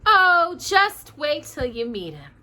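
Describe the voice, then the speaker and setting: A woman's voice: high-pitched, very animated, takes it slowly, pushed and bright, voice pushed up, full character voice. A woman voicing a sweet, dreamy teenage princess, speaking in a singsong, lilting way as she reads a storybook aloud.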